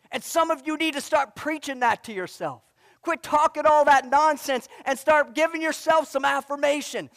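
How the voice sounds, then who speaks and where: A man's voice: extremely high pitch, gravelly, a bit bright, no room sound, clean studio sound, big-room sound. A male pastor preaching a sermon with emphasis, coming back again and again to a refrain. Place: church sanctuary.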